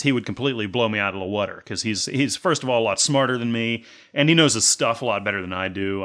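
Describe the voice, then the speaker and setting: A man's voice: lowish voice, fairly bright tone. A man hosting a podcast, chatting in a rambling, friendly way and laughing often. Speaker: podcast host. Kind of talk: casual podcast chat.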